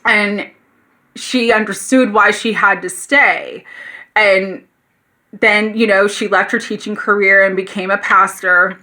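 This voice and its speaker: A woman speaks with a bright, clear voice in an emotional spiritual talk, close to tears. She is earnest and encouraging, with warmth in how she reaches out to her listeners. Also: mid-range voice, steady tone, slow pace. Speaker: spiritual teacher. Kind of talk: heartfelt spiritual talk to camera.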